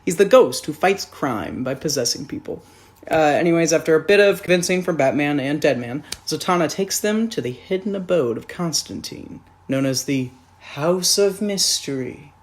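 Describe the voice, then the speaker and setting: A woman's voice: deep voice, animated, normal speed. A woman giving a sarcastic, jokey movie review as the channel's host, with casual swearing and asides. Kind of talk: sarcastic comedic film review.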